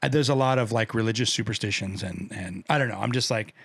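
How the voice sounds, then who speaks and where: A man's voice: on the low side, fast, vocal fry, no echo. A man hosting a podcast, talking casually in a rambling way with lots of filler words. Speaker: podcast host. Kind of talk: casual chat and show intro.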